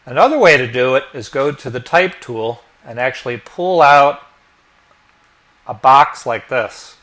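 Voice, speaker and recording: Man, software instructor, unhurried step-by-step narration, crisp bright tone. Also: medium pitch, expressive. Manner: slow, step-by-step explaining while clicking. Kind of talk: screen-recorded tutorial narration.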